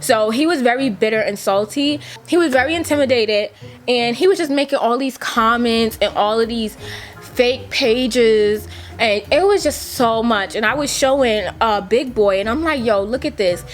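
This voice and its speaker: A young woman vlogger telling a casual story, chatty and profane, full of "like" and acted-out quotes. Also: normal speed. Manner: chatty, profane, fillers like "like" everywhere; acts out quotes with big jumps in pitch.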